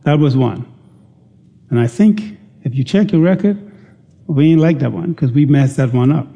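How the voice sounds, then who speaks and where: Male pastor, higher-pitched, mellow tone, folksy sermon, call-and-response, booming reverb. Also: normal speed, creaky, muffled recording. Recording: echoey hall with long reverb.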